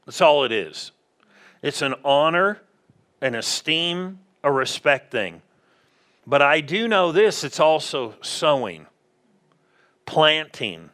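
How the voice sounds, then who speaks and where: A man's voice: mid-range voice, a bit bright. A man preaching a conversational sermon in a church, often asking the congregation questions. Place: church sanctuary.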